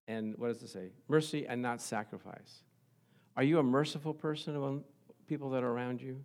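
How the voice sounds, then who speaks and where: A middle-aged male pastor preaching a sermon to his congregation, chuckling at times and building to loud, fervent passages of scripture. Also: medium pitch, expressive, moderate pace. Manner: chuckles often, talks to the congregation.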